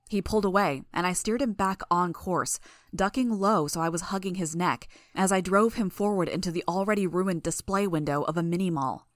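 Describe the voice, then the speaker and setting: A woman narrating a first-person fan audiobook in a steady, tense storytelling manner. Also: lowish voice, no echo, clean studio sound.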